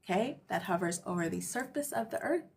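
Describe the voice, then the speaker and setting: A woman hosting a casual livestream monologue, rambling and emphatic, tagging lines with "okay?" and swinging between loud bursts and hushed asides. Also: mid-range voice, lively intonation, fairly quick, vocal fry. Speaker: host.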